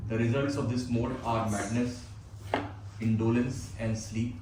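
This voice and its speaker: A man in a class reading a scripture passage aloud, steady and even. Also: medium pitch, measured pace. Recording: echoey room, far from mic, noise.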